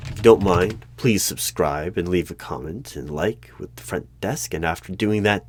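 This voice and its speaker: In a one-sided audio role-play, a deep-voiced man plays the hiring manager of a secret bureau, secretive and deadpan, putting formal, bureaucratic interview questions to the listener.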